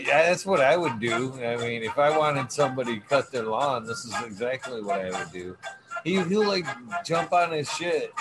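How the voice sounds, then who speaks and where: A man chatting casually, telling a rambling, profane story and acting out what he said. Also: medium pitch. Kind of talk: casual chat. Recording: music playing behind.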